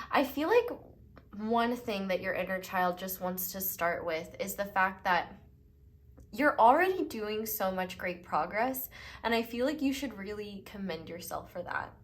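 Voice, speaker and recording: A young woman giving an unscripted tarot reading, talking in a gentle, reflective and reassuring way. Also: medium pitch. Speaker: tarot reader.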